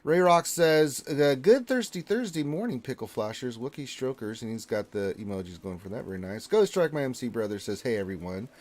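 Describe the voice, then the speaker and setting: A man's voice: mid-range voice, animated, brisk, hardly any pauses. A man co-hosting a casual livestream, reading out viewer greetings and chatting with a rambling, opinionated manner. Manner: reads chat names and greetings aloud, rambling and opinionated. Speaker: livestream co-host.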